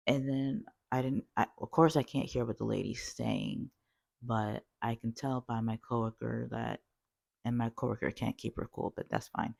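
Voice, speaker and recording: A woman telling a call-center story in a chatty, animated storytime vlog, full of fillers. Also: rumbling low, normal speed, vocal fry, no echo, clean studio sound.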